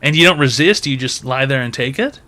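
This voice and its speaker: A man's voice: medium pitch, expressive, brisk, bright, forceful tone. A man hosting a call-in advice show, blunt, mocking and profane in crude comedic banter.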